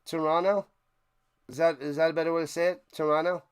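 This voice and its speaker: A man's voice: on the high side, flat delivery, brisk, clear, resonant tone. A man with a New York accent, a live-streamer chatting playfully and calling plays during a football watch party. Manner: rambling, playful, jumps between game calls and snack talk. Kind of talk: casual live play-by-play chat.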